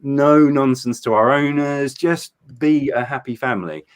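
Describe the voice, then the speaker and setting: A man's voice: mid-range voice, normal speed, clean tone. A man, a coach appearing as a guest on a livestream, speaking earnestly and passionately to fans. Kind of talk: casual livestream chat.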